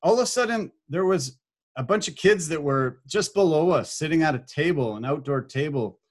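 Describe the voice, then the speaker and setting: Guy on a podcast telling a funny story, kinda high voice, laughing and doing everyone's lines. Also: moderate pace. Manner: animated, laughs often, acts out quotes. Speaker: podcast guest, corporate speaker. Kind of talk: casual storytelling.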